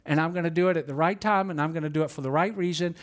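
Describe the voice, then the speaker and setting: A man's voice: a little high, racing. A man preaching a sermon, telling stories with acted-out quotes and light humor. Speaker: pastor.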